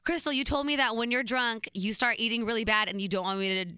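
A woman's voice: fairly high pitch, steady tone, fast talker, sharp tone, clear, resonant tone, dry recording, studio quality. Woman quoting a patient young man.

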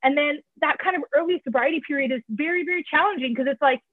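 On a tinny, dry phone line, a high-pitched woman talks fast as she candidly shares her recovery story. The podcast guest, an author in recovery, speaks with plenty of profanity and casual fillers such as "like" and "you know."

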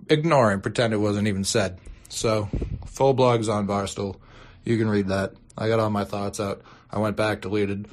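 A young man hosting a sports podcast, ranting and swearing, his voice jumping high when outraged. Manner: exasperated, swearing, bursts into high-pitched outrage. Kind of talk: profane ranting podcast intro.

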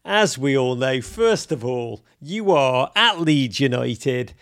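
A man's voice: medium pitch, lively intonation, slow pace, a bit bright. A man hosting a podcast interview in a jokey, theatrical way. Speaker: podcast host. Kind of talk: playful interview.

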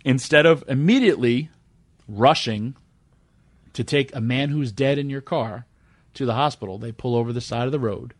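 A man recalls a chaotic night from running a wrestling show, telling it as a lively anecdote. He jumps into the voices of the people in his story. The recording is dry and close, with no room sound. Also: mid-range voice, normal speed, no echo. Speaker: wrestling promoter. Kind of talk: animated storytelling in an interview.

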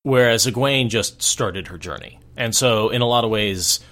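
A man's voice: lowish voice, normal speed, fairly bright tone. A man co-hosting a casual book discussion, thoughtfully explaining plot background. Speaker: podcast co-host.

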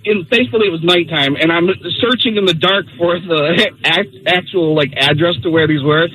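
High-voiced animated storyteller man. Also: normal speed, rough recording. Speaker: radio show regular. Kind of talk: storytelling anecdote.

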